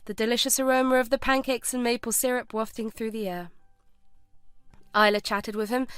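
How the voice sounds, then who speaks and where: Smooth-voiced woman reading a story, kinda high, measured. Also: a bit bright, dry recording, studio quality. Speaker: narrator. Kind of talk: scripted storybook narration.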